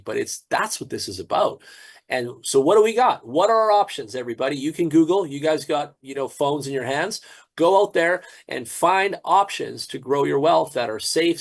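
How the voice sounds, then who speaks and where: A man promoting a crypto platform in a casual, preachy pep talk, often repeating words. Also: on the high side.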